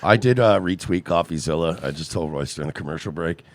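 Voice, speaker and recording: A man's voice: deep voice, fast talker, no room sound. A man co-hosting a comedy podcast, riffing in a sarcastic, crude way. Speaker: podcast co-host. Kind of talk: casual comedy podcast chat.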